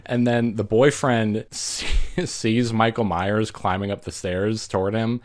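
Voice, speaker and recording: A man casually recapping a horror movie, animated, acting out the characters and laughing as he goes. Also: on the low side, measured pace. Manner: animated retelling, acts out characters, laughs often. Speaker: movie reviewer.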